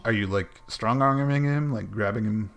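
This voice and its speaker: Lower-voiced man running a tabletop game. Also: normal speed, vocal fry. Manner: hesitant, full of fillers, apologetic. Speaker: dungeon master. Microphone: online voice chat.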